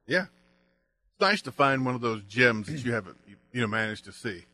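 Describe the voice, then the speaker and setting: Wry older male radio co-host, bright voice. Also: mid-range voice, expressive. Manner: wry, quick quips. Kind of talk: casual radio chat.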